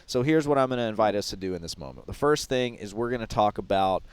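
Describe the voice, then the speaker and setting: A man hosting a podcast, calmly guiding a coaching conversation and inviting his guest in. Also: on the low side, fast, clear, resonant tone.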